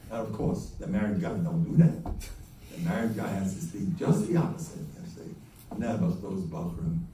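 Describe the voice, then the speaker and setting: A man's voice: lowish voice, animated, normal speed, dark tone, slight background noise. An older man, a rabbi giving a joking, self-deprecating holiday talk to a gathering. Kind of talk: humorous Chanukah talk. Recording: roomy hall from a distance with faint ambience.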